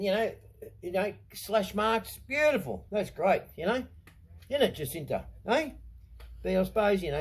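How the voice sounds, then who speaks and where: A man's voice: sits high, darkish tone, slightly rough, low-quality recording. A middle-aged Australian man ranting into the camera, blunt and sarcastic, swearing a lot. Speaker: vlogger.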